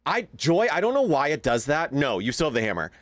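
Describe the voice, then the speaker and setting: A man's voice: a little high, sing-song, fairly quick, dry recording. A young man streaming live, chatting casually with his viewers and greeting them by name, now and then cooing at his pet. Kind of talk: casual livestream chat.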